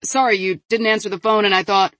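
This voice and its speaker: A woman's voice: medium pitch, fairly even intonation, fast, fairly bright tone, no echo, voice pushed up, natural voice. A woman voicing an awkward adult man agent in an audiobook, hesitant and muttering.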